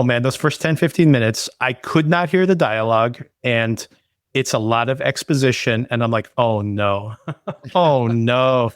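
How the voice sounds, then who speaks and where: A man's voice: mid-range voice, no echo, clean studio sound. A man co-hosting a podcast, enthusiastically reviewing a film in casual chat, rambling with lots of fillers. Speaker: podcast co-host.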